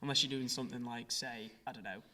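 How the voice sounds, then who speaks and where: Male podcast host, relaxed interviewer, average pitch. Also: fast. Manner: conversational, lots of fillers like "kind of".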